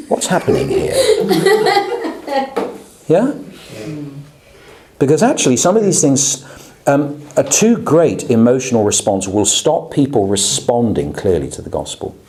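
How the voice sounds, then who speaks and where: A man's voice: mid-range voice, darkish tone. A man, a pastor, teaching a class on preaching in a conversational way, often checking in with his listeners. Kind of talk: lecture to a class.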